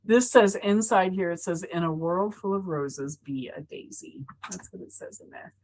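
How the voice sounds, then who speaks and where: A woman's voice: fairly low pitch, moderate pace, a little mellow, rough recording. A woman co-hosting a live craft showcase, gushing with enthusiasm over handmade cards. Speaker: co-host. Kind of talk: live product showcase chat.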